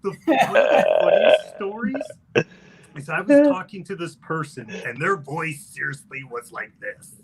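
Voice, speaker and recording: A man's voice: fairly high pitch, normal speed, crowd noise, poor audio. A man in casual chat on a live stream, telling call-center stories and slipping into character voices. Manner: animated, slips into character voices. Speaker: guest reviewer on a live stream. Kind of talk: casual chat, storytelling with impressions.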